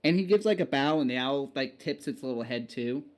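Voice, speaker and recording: A man's voice: medium pitch, a little fast. A man narrating a tabletop game as game master, casual and rambling with many fillers.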